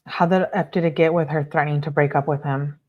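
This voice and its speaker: A woman's voice: sits low, fairly even intonation, fast talker, highs cut off. A woman commenting on a true crime case, reading text messages aloud with emphatic delivery and bleeping out her own swear words.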